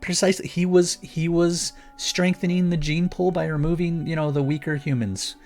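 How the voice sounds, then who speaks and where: A man's voice: on the high side, fairly even intonation, normal speed, a little mellow, faint music behind. A man speaking as a guest in a casual chat, explaining things eagerly and rambling with many restarts. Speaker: guest author.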